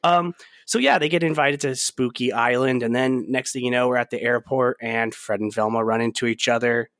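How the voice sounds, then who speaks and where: A man's voice: mid-range voice, steady tone, a little fast, fairly bright tone, no room sound, clean studio sound. A man in his late twenties co-hosting a podcast, bluntly riffing on a bad movie with frequent swearing and laughter. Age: 20s. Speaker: podcast co-host. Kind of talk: casual movie discussion.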